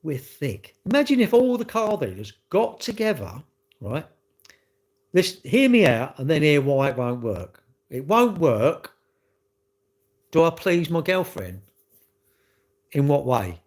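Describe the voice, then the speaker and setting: A middle-aged man chats casually with his viewers, rambling from one thing to the next in a cheeky, joking way. His voice sits a bit high for a man and swings up and down a great deal as he acts out quoted exchanges. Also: sing-song, slow pace, pauses often. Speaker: livestream host reading chat.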